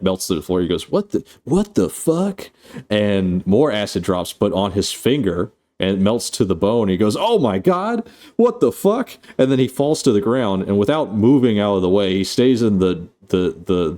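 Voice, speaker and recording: A man's voice: low-pitched, darkish tone. A man casually retelling a movie scene by scene in a rambling, profane way, with frequent filler words and laughter. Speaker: host.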